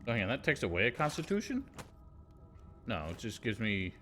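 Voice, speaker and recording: A man's voice: mid-range voice, very animated, brisk, pushed and bright, soft background music. A man streaming a game, rambling casually with wry asides. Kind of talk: casual gameplay commentary.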